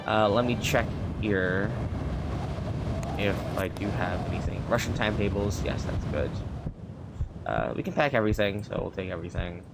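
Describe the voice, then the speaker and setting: A man's voice: fairly low pitch, animated, normal speed, creaky, over loud music. A man streaming a game, chatting casually and thinking aloud with lots of fillers. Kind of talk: casual gameplay commentary.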